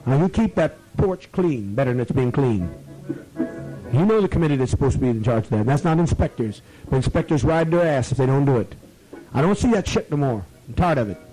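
A man leading a gathering, who rambles, swears freely and gives orders, sometimes slowing into a drawn-out, soothing tone. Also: mid-range voice, expressive, warm tone, soft background music, low-quality recording. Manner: profane, commanding, rambling; slows to a drawn-out, soothing tone at times. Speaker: community leader addressing members.

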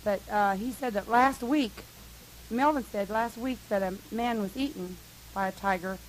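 A woman telling a long, lively, profane anecdote to a group, laughing often. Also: medium pitch, moderate pace, rough recording. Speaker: storyteller at a meeting. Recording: hissy old tape recording.

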